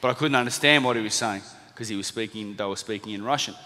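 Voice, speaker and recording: A man with an Australian accent telling a lively story to a live audience, acting out the people he quotes. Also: lowish voice, fast talker. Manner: animated storyteller, acts out quotes. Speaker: speaker at a seminar. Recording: long reverb of a hall.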